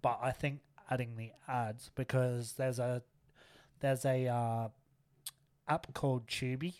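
A man co-hosts a relaxed podcast chat. His voice sits at an ordinary pitch, and he talks in a joking, easygoing way that often breaks into laughter. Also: slow, clear, resonant tone. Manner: jokey, laughs often, tries silly accents. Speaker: podcast co-host. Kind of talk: casual chat.

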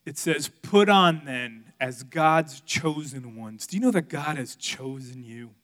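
Bright-voiced pastor preaching a candid sermon. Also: male voice, on the high side, animated, slow pace. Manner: candid storytelling, swings from loud to hushed.

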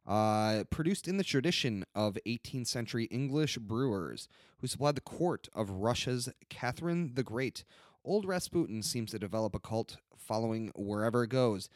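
A man's voice: medium pitch, dry recording, studio quality. A young man co-hosting a podcast, chatting casually about beer with lots of fillers and restarts. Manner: rambling with many fillers and restarts. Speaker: podcast co-host. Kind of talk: casual beer-tasting chat.

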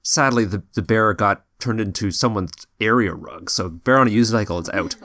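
A man's voice: lowish voice, brisk, fairly bright tone. A man voicing a chatty showman in a cluttered tent. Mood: chummy. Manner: breezy, jokey. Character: chatty male showman hoarding stuff in a tent.

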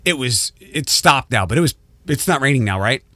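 A man's voice: mid-range voice, animated, normal speed, sharp tone, no room sound. Rambling male radio host, dry sound. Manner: rambling, self-interrupting, reads show rundown. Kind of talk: casual morning radio chat. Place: radio studio. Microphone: studio microphone.

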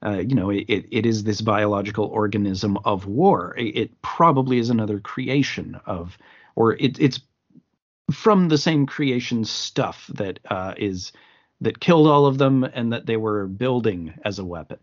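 A man's voice: fairly low pitch, lively intonation, normal speed. Rambling man on a muffled podcast. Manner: rambling, frequent restarts and fillers. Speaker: podcast co-host. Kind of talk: casual film discussion. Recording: slightly muffled lo-fi podcast audio.

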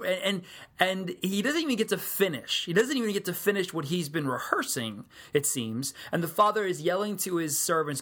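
A man's voice: a little high, normal speed, a bit bright. A man preaching a sermon, telling the story in a casual, conversational way with joking asides.

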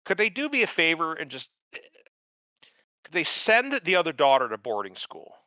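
A man's voice: on the high side, wildly swooping pitch, a little slow, sharp tone, no room sound. A man co-hosting a podcast, swearing freely as he rants about a TV show and mocks its characters. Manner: profane, ranting, mocks characters in put-on voices. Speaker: podcast co-host. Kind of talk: casual chat, crude TV recap. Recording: dull lo-fi sound.

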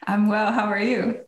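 A woman from the United States co-hosting a podcast in casual chat, thoughtful and quick to laugh. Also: mid-range voice. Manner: laughs easily, thoughtful and reflective. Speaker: podcast co-host. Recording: roomy echo.

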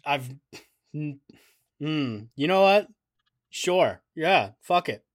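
Sarcastic podcast dude, swears, dead dry sound. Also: male voice, a little high, animated, slow pace, dry recording. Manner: sarcastic, profane. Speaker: podcast co-host. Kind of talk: casual podcast banter.

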